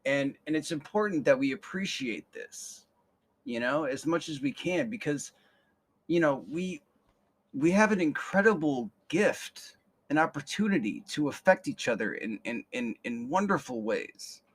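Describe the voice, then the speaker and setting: A young man rambles through a storytelling monologue on his podcast. His voice sits somewhat high, and his speech is casual and full of swearing. He restarts and repeats words as he works his thoughts out. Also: animated, a little slow. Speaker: podcast host.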